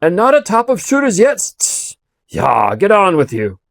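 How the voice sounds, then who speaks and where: A man's voice: high voice, huge pitch swings, normal speed, gravelly, no echo, pitched above the performer's own voice, exaggerated voice. A man voicing a vexed coachman grumbling and cursing at his tired horses.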